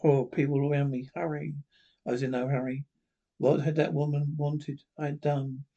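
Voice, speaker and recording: A man's voice: a little high, little pitch movement, moderate pace, dark tone, highs cut off. A man playing a haunted, tormented lecturer who narrates his own descent into madness, in a 1930s radio drama. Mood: anguished. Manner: anguished, breathless, theatrical. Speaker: narrating protagonist.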